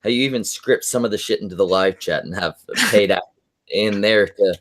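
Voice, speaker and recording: A man's voice: on the low side, moderate pace, a bit bright. A man co-hosting a comedy stream, teasing the host in a mock-formal way and reading out chat comments. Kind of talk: improvised comedy banter.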